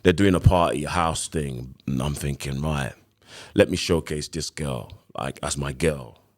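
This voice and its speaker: A man with a London accent in his thirties, a podcast guest telling his story in a casual, animated way. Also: a bass voice, measured pace. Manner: animated retelling with acted quotes.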